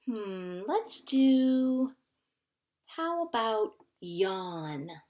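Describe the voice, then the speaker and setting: A woman teacher with a lowish voice speaks slowly, giving a recorded phonics lesson to children indoors at a whiteboard. She patiently sounds out and spells words.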